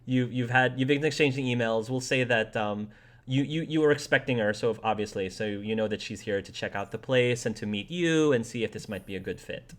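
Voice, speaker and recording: A man's voice: medium pitch, brisk. A man acting as game master, describing the scene to players in a casual way with many restarts. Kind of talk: narrating a tabletop game.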